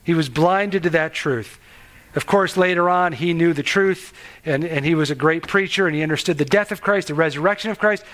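A man's voice: fairly high pitch, fairly quick, a bit bright. A man preaching a sermon in an earnest, conversational way, asking the listeners questions and restarting his sentences. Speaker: pastor.

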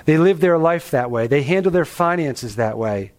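A man with a noticeably high voice delivers an expository sermon as a pastor. He talks to the listeners conversationally, leaning on emphasis and rhetorical questions to drive his points home. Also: animated, moderate pace.

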